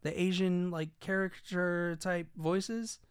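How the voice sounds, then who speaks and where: Rambling, cursing man with a smooth voice. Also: high-pitched, flat delivery, slow pace, no room sound, studio quality. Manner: rambling, profane, many fillers and restarts. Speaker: commentator. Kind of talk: casual commentary.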